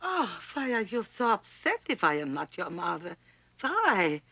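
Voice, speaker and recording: An actress playing a frail, dying elderly mother, speaking softly and breathily, often in a whisper. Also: medium pitch, very animated, measured pace, breathy edge, dry recording, heavily acted. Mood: tender. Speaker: dying mother reunited with son. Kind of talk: 1980s TV drama acting. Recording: TV soundtrack with music.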